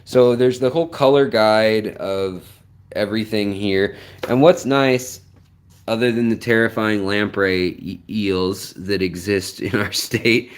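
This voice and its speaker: A man's voice: fairly low pitch, a little slow. Easygoing rambling male streamer. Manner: rambling, filler-heavy, greets chat viewers by name. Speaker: livestream host. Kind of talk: casual live-stream chat.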